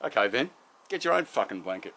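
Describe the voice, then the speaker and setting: A man voicing a sharp-tongued married woman who speaks slyly and sarcastically. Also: fairly low pitch, sing-song, quick pace, heavily acted. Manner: sly, sarcastic.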